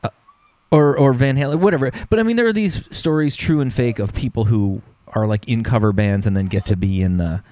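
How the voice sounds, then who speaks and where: A man's voice: mid-range voice, brisk, warm tone, no room sound. A man casually chatting as a podcast host, rambling with many fillers and restarts. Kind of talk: casual chat about music.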